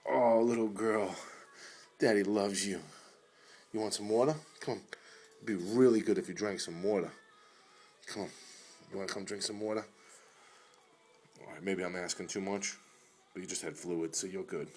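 A man with a fairly low voice speaks to his ailing dog at home. His talk is tender and coaxing, full of pet baby talk, and often sinks to a soft murmur. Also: steady tone, normal speed, pauses often. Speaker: dog owner filming his sick pet. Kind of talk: casual home video talking to a dog. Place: at home indoors.

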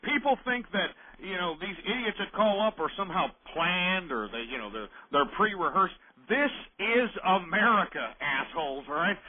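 A man hosting a late-night call-in show, ranting bluntly with a high, wildly swooping voice. He curses freely and stumbles over restarts as he drinks beer. The sound is thin and tinny, squeezed into a narrow band. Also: expressive, moderate pace, hardly any pauses. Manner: angry, blunt, profane ranting with repeated restarts. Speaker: call-in radio host. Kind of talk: late-night political talk radio rant.

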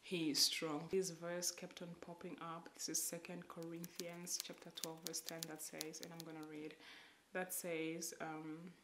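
Woman, low voice, emotional faith testimony, halting, drifts into whispers, echoey room. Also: flat delivery, background noise. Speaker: vlogger.

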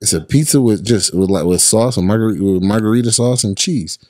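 A man's voice: on the low side, fast talker, no echo, clean studio sound. A man in his thirties from the US Midwest, joking and bantering as a podcast guest. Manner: animated, joking, slangy.

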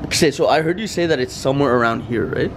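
A young man hosting a horror vlog, talking to viewers as "guys" and getting loud and scared as things go wrong. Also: medium pitch, fast talker, noisy background. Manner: addresses viewers as guys, grows panicked and shouty. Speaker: vlogger.

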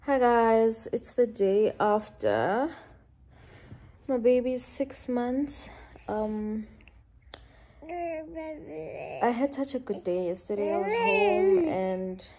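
Slow-talking young woman. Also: on the high side, sing-song, slight background noise. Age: 20s. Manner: soft, rambling, full of fillers. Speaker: mom vlogger. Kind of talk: casual vlog chat. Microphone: phone camera. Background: background music.

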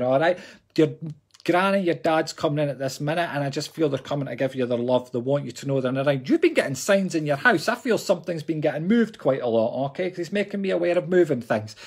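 A Scottish man talks to his live-stream viewers in a chatty, joking way, giving readings as a medium. His voice sits a touch high. It has a husky edge. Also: expressive, fast talker, darkish tone. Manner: chatty, jokey, addresses viewers as folks. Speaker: psychic medium host.

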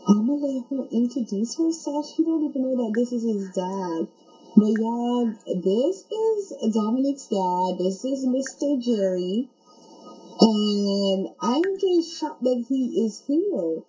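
A woman giving casual let's-play commentary, chatty and excitable, talking straight to her viewers. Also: fairly high pitch, slow, breathy edge, lo-fi sound. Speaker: game streamer.

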